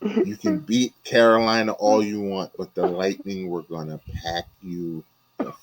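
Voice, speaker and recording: A man's voice: low voice, steady tone, a little slow, poor audio. A man co-hosting a casual sports podcast, teasing and blunt in his trash talk. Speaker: podcast co-host.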